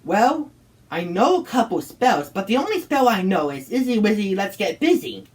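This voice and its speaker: A woman's voice: medium pitch, very animated, normal speed, close to an everyday voice. A woman playing cross young ghost-fighting hero. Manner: eager, shouts battle roars.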